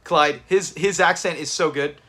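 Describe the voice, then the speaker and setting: A man's voice: fairly high pitch, normal speed, a bit bright. A man hosting a live watch party, chatting with his viewers and laughing often as he reacts to a sitcom episode. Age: adult with kids. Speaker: livestream host.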